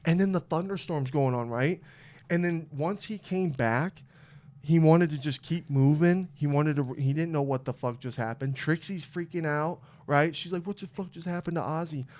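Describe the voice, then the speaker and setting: A young man hosting a podcast, telling a story in a lively, animated way, swearing often and acting out what people said. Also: fairly high pitch, normal speed. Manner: animated, swearing, acts out quotes. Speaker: podcast host. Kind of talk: casual storytelling chat.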